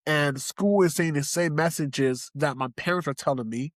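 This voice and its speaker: A man's voice: on the high side, normal speed, no echo, clean studio sound. A young man from Haiti, a podcast guest, giving an earnest, emotional personal testimony and repeating phrases for emphasis. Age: young adult.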